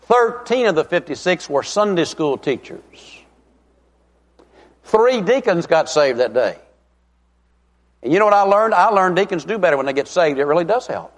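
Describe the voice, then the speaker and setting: Preaching a revival sermon, a middle-aged evangelist speaks in a high, animated voice. He is folksy and emphatic and stretches out important words, all under the long reverb of a large hall.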